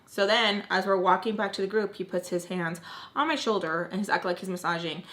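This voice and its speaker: A woman in her thirties tells a personal story in a chatty, dramatic way. Her voice is bright and sits at a middling pitch. She talks casually, as if confiding in friends. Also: fairly quick. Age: 30s. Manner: chatty and dramatic, leaning on fillers. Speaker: storytime vlogger.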